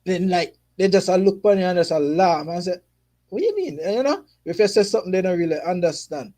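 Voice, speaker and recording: A man's voice: sits high, a little fast, warm tone. A Jamaican man hosting a casual football livestream and chatting with viewers, mixing patois with English. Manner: patois mixed with English, frequent "you see me" tags. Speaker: football streamer. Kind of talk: casual livestream chat reading viewer comments.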